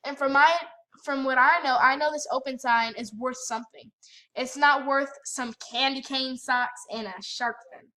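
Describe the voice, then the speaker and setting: Woman, high voice, bright and sharp, sassy, indignant, ranting gameplay commentary at home. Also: fairly even intonation, moderate pace. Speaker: gaming channel host. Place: at home by a computer.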